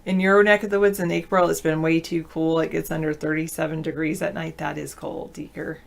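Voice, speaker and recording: Chatty woman host, slightly low voice, answers viewer comments out loud with easy laughs. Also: flat delivery, a little fast, vocal fry. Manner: laughs often mid-sentence. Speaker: show host. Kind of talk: casual live video-chat talk.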